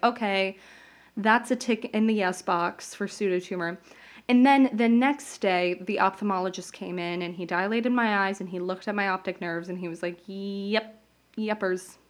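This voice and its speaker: A young woman hosting her own podcast, telling a personal story in a casual, chatty way with frequent laughs and fillers. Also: mid-range voice. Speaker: podcast host.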